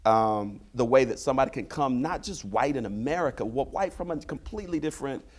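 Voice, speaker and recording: A male professor lecturing at a panel in a voice of ordinary, middle pitch. He drives each point home with rhetorical questions. He slips into raised voices to mimic the people he quotes. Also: animated, brisk, darkish tone. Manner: rhetorical, tags points with "right?". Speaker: history and literature professor.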